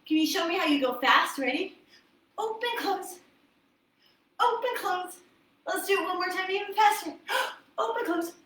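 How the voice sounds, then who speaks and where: A woman telling a folk tale to preschoolers while leading ballet moves, animated and sing-song. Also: very high voice, moderate pace, long pauses, echoey room, distant mic, rough recording. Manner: animated, sing-song storytelling with movement cues. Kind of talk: storytime ballet class for young children.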